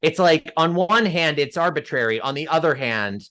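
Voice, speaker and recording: Lively-pitched male podcast co-host. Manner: measured, thinking-aloud explanation. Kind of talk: casual podcast discussion.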